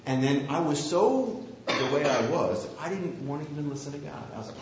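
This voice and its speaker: A man's voice: on the high side, animated, a little fast, hardly any pauses, a little hiss or hum. Candid preaching man in echoey hall. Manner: candid, self-deprecating storytelling. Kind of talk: sermon with personal anecdote. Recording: very echoey, slightly dull room recording.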